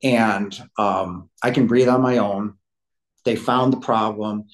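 A man's voice: on the low side, fairly even intonation, takes it slowly, low-quality recording. Rambling man in his fifties. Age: 50s. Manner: rambling, fills with "you know". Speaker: podcast guest. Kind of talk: personal storytelling. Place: living room couch at home.

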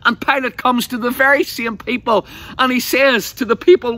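A man's voice: very high voice, brisk, bright, forceful tone, no echo. A man preaching an evangelistic sermon, telling the story passionately and vividly.

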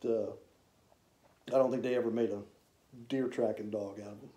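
A man, casually telling rambling, folksy stories about his old hunting camps, with drawn-out "uh" fillers. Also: fairly low pitch, steady tone, dark tone. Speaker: hunter reminiscing. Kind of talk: casual storytelling. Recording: roomy echo.

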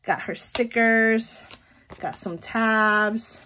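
A woman's voice: fairly high pitch, very slow, bright, forceful tone. A woman in her thirties chatting casually at home as she vlogs about running her small sticker shop, with lots of fillers and small laughs. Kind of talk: casual vlog chat.

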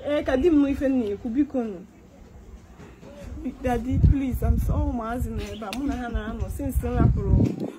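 The recording is very noisy as a young woman, her voice on the high side and fairly quick, performs a comedy skit monologue. Her accent is Nigerian and Igbo-inflected, and she pleads and begs, repeating herself and moving between English and Igbo.

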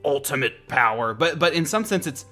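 Man co-host, bright tense tone, fairly high voice, thoughtful casual podcast talk. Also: animated, normal speed, soft background music. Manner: thoughtful, searching for words, light laughs.

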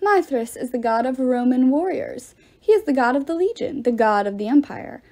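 A woman's voice: sits high, expressive, moderate pace, darkish tone. Pompous old ghost priest, as a woman reads him aloud. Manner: commanding, indignant outbursts.

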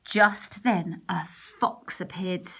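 A woman's voice: fairly low pitch, very slow, creaky, husky. A woman teacher reads a picture-book story aloud for young children. She takes her time, lingering over words as her voice rises and falls. She often stops to ask the listeners questions and invite them to join in. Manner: asks listeners questions, gentle and expressive.

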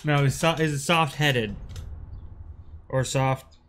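A man streaming a video game with a friend, cursing, yelling at enemies and giggling through rambling asides. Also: mid-range voice, slow, soft background music. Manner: excitable, yells and curses at the game. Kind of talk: casual gaming stream chat.

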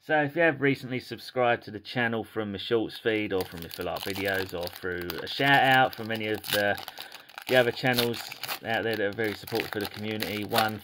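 A man hosting his own card-opening channel, quietly murmuring through each card as he opens packs. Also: on the low side, slight background noise. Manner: quiet, murmuring as he lists cards. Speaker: pack-opening channel host. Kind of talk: casual card-opening commentary.

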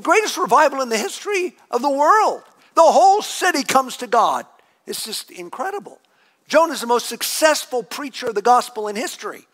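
Animated middle-aged pastor preaching. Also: male voice, sits high. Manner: animated, acts out a furious prayer in a raised voice. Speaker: lead pastor. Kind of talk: sermon.

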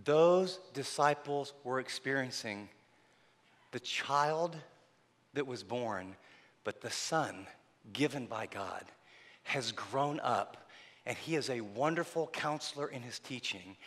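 A man preaching a sermon, telling the story dramatically and swinging between loud passages and hushed ones. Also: mid-range voice, slow pace, big-room sound. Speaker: pastor.

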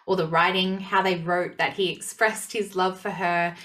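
A woman's voice: on the low side, little pitch movement, normal speed, a bit bright. A woman reviewing a TV show in casual chat, emotional and gushing, often repeating words for emphasis.

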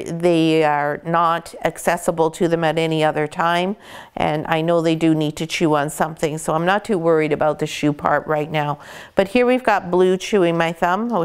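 A woman dog breeder calmly explaining puppy care, gently praising the dogs as she goes. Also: fairly low pitch, smooth. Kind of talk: instructional puppy-care talk.

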